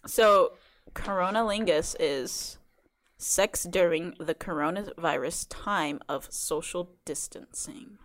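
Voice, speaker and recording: A woman's voice: fairly low pitch, takes it slowly. A young woman leads a casual word-guessing drinking game among friends. She talks in a giggly, playful way, reading out words and handing out points.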